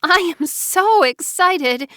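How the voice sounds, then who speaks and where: A woman voicing a sweet, soft-spoken, bubbly young woman in an audiobook, pitching her voice up. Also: normal speed, clean tone, no room sound, studio quality. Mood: excited.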